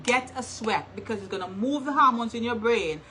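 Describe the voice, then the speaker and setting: A woman's voice: on the high side, lively intonation, brisk, pushed and bright, a little hiss or hum, low-quality recording. A woman co-hosting a casual advice talk, speaking emphatically and repeating her key points. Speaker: co-host.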